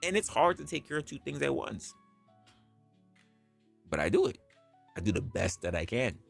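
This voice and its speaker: A man's voice: medium pitch, sing-song, normal speed, vocal fry, soft background music. A man hosting a livestream, talking bluntly and casually with plenty of profanity. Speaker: livestream host.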